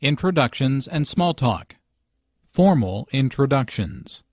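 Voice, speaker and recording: Man teaching english, slow deliberate pace, lively intonation, dry close sound. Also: medium pitch, dry recording. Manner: slow, clearly enunciated explanations. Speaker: language teacher narrator. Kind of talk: scripted instructional narration.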